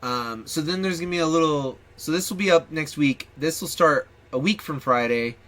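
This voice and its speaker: A man's voice: a little high, moderate pace, a bit bright. A man hosting his own gaming channel, chatting casually and rambling with ums and restarts. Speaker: channel host.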